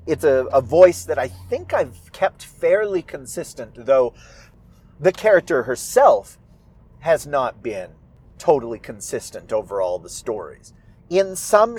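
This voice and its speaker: A man who writes and performs audio stories, talking about his work in a casual, reflective monologue. He muses aloud and sounds animated and amused with himself. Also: mid-range voice. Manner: musing, animated, self-amused.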